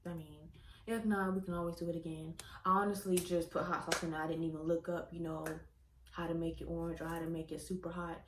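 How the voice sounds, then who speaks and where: A woman's voice: lowish voice, little pitch movement, fast talker, noisy background. A woman chatting expressively to her viewers while eating, in a casual mukbang vlog. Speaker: vlogger. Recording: echoey room.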